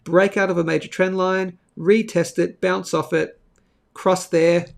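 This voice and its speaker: A man's voice: high-pitched, level tone, a little slow, vocal fry. A man hosting a live market show, talking through charts casually, thinking aloud, with sudden bursts and asides.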